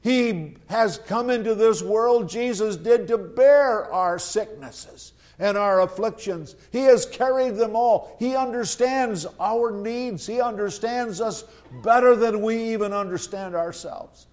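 A man delivering a sermon in a high voice. He speaks slowly and deliberately, leaning on repeated phrases for emphasis. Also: darkish tone. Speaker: preacher.

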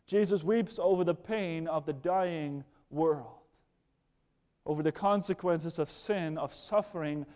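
An earnest man preaching from the pulpit, his fairly high voice carrying a mellow, dark tone. He drops to near-hushed passages, then rises with urgency. His words ring out into the long reverb of a large church hall. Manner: earnest, moving between hushed and raised passages. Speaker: pastor. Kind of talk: sermon.

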